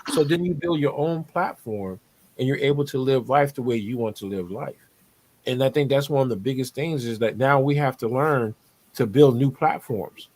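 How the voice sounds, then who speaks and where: A man's voice: mid-range voice, moderate pace, a little mellow. A man, talking on a video call as a podcast co-host, preachy and motivational, repeating his points. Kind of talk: casual panel talk over video call.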